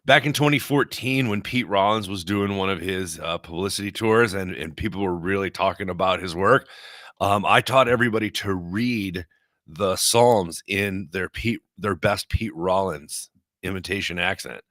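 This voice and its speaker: Low-voiced man in playful chat. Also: normal speed, fairly bright tone, no echo, clean studio sound. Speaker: podcast guest. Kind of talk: casual chat.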